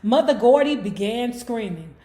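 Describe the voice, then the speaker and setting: Woman reading a memoir to her book club, fairly high voice, swoops into sassy cussing asides. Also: expressive, moderate pace, mellow. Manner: sassy, profane asides to viewers. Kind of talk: memoir read-aloud with commentary.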